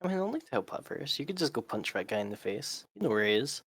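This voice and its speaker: A man's voice: medium pitch, very animated, quick pace, gravelly, husky, pitched above the performer's own voice, exaggerated voice. A man playing a flippant, offhand god. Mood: breezy. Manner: casual, dismissive banter. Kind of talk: live tabletop role-play.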